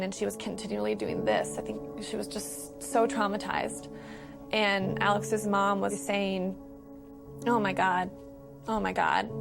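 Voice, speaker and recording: A woman quietly and earnestly recalling events in a documentary interview. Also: mid-range voice, creaky.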